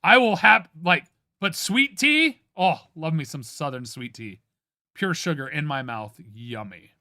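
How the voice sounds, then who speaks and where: A man from Ohio chats with his stream audience in a high, lively voice that swoops up and down. His tone is bright and sharp, and his opinions come out playfully dramatic. The sound is dry and close, with no room echo. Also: measured pace. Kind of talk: casual chat with stream viewers.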